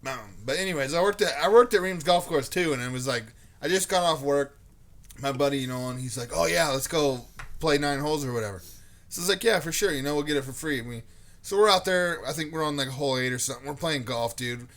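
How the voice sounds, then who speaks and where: A young man co-hosts a casual podcast and spins a long, profane story. His voice sits high and bright, and he leaps into loud, animated impressions of the people in it. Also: quick pace. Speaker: podcast co-host.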